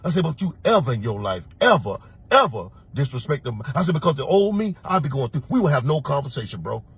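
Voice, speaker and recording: A man from Florida tells a story from his own life with strong feeling, and his voice is deeply husky and rough. He works as a security officer, and he acts out the lines he quotes. His pitch sits in the middle range for a man. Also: very animated, fast.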